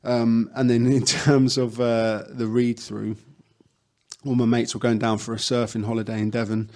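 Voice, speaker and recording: A man's voice: medium pitch, flat delivery, moderate pace, darkish tone. A young adult man, an actor guest, chatting casually in an interview and telling stories with lots of fillers and restarts.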